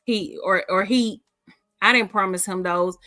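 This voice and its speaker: A woman's voice: mid-range voice, a little slow, bright, forceful tone, no room sound, studio quality. A middle-aged woman hosting a casual livestream, reading viewer comments and telling sassy stories. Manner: sassy, storytelling, reads viewer comments aloud. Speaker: livestream host.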